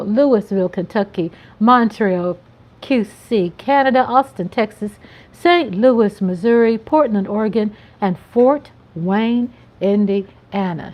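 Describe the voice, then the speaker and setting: A woman hosting a casual livestream, chatty and playful, drawing out her greetings to viewers. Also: medium pitch. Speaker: livestream host. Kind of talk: casual live-stream chat.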